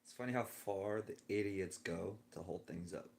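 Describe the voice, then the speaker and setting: A man's voice: low-pitched, moderate pace, vocal fry, darkish tone, a little hiss or hum. A man vlogging a rambling personal monologue, musing and drifting between thoughts with frequent chuckles, lying in bed indoors.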